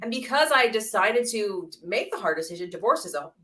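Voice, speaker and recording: A woman's voice: mid-range voice, expressive, a little fast, a crowd in the background. A woman, a podcast co-host, speaking earnestly in candid casual chat and often repeating words as she thinks.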